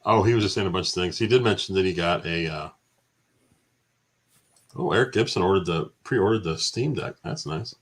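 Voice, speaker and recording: A man co-hosting a casual gaming stream chat, easygoing and relaxed. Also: low voice, normal speed, pauses often, breathy edge. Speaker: co-host.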